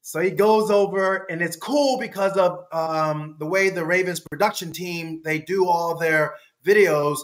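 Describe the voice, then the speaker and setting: A man talking as a podcast guest in a casual storytelling style. He is animated and laughs often, swinging his pitch up when he acts out quotes. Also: measured pace, few pauses.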